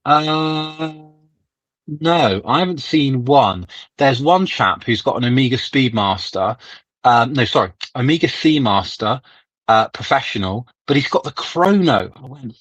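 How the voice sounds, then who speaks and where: Man, mid pitch, teasing, profane, emphatic, dull dry stream audio. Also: expressive, unhurried, fairly bright tone, dry recording. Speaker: livestream co-host. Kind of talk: casual chat. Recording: slightly dull dry sound.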